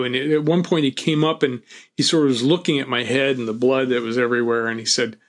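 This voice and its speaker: A man telling his own story as an interview guest, reflective and calm with a wry humor. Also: medium pitch, brisk. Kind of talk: personal storytelling.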